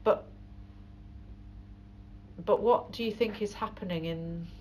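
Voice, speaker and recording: A woman's voice: medium pitch, slow, a little mellow, highs cut off, a little hiss or hum. A woman interviewing, asking thoughtful, probing questions. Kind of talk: conversational interview.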